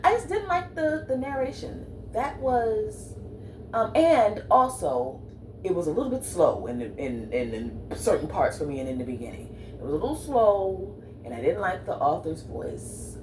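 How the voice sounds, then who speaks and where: A woman's voice: medium pitch, big pitch swings, moderate pace, darkish tone, slight background noise, poor audio. A woman book vlogger in casual, chatty talk with sassy asides, at home. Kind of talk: casual chat.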